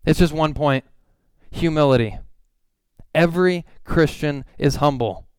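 Smooth-voiced male preacher. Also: a little high, no room sound. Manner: conversational preaching, reads scripture slowly, acts out quotes. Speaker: pastor. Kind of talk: sermon.

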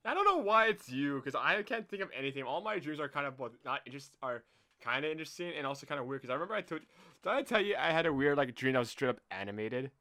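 Animated young man, chatty podcast co-host. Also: fairly high pitch, fast talker. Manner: animated, laughing, lots of fillers and restarts. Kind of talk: casual chat.

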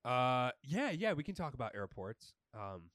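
Young male co-host, crude and jokey, quick to laugh; mid pitch, dry close sound. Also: very animated, fairly bright tone, dry recording. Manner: crude, joking, laughs often. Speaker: podcast co-host. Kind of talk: casual chat.

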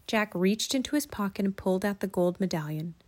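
A woman narrating a children's storybook in an expressive, lilting way. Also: mid-range voice, fairly quick. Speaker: audiobook narrator.

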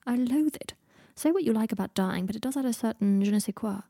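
A frail, sardonic young man, theatrical and sarcastic as he complains, read by a woman. The voice is warm and soft-edged with some breath in it. It sits close and dry. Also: on the high side, animated, fast, vocal fry, husky, dry recording, full character voice.

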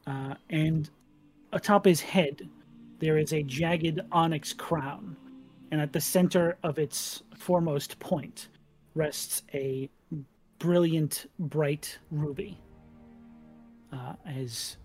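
A man running a tabletop role-playing game as game master, describing scenes in an unhurried, detailed way. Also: a little high, steady tone, darkish tone, faint music behind.

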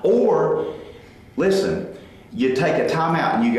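A man in his forties giving a faith-based parenting talk, animated and acting out family dialogues. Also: fairly high pitch, takes it slowly, long pauses. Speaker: parenting speaker. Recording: very echoey room.

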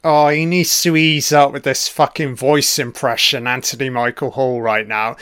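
A man's voice: medium pitch, little pitch movement, normal speed, a bit bright, clear, resonant tone, no echo, studio quality. A man doing a casual, crude solo commentary on a film, swearing freely and tossing asides to the listener.

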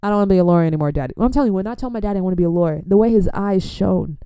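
A young woman from an immigrant family, talking in a chatty, animated way as she gives faith-based life advice and laughs often. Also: mid-range voice, racing, smooth, dry recording, clean studio sound. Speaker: Christian vlogger. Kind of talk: casual advice talk.

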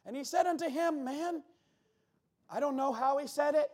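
A man with a strikingly high voice preaches in church. He works the congregation, shouting his key points and then slipping into quick, offhand asides. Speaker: pastor. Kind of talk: sermon.

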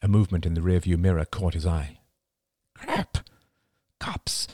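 A man narrating an audiobook with an expressive storytelling delivery. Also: low voice, quick pace, no echo, clean studio sound. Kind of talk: scripted narration.

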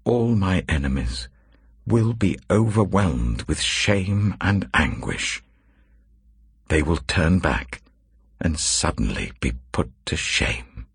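A man slowly and solemnly reading scripture aloud, with a very deep, gravelly, husky voice. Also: no echo, studio quality. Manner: slow, measured, expressive reading. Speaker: scripture reader.

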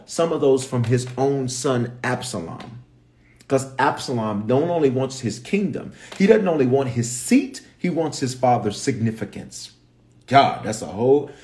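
A bishop with a Memphis accent teaches the Bible on a livestream. He tells the story in slangy, animated bursts and keeps turning to his viewers, his pitch swinging widely. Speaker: bishop and pastor.

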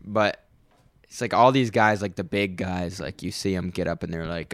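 Young male podcast co-host, loose banter, quick to do goofy voices, dry close sound. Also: dry recording. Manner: jumps into loud high-pitched mock voices. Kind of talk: casual chat. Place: studio.

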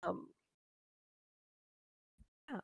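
A woman's voice: very slow, no room sound, studio quality. A woman co-hosting a podcast in casual chat, gushing and swearing, rambling with fillers. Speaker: podcast co-host.

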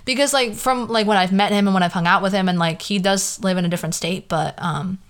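This twentysomething woman from California's San Fernando Valley hosts a casual solo podcast in a Valley girl accent. Her mid-range voice moves fast as she rambles, leaning heavily on "like" and a questioning tone.

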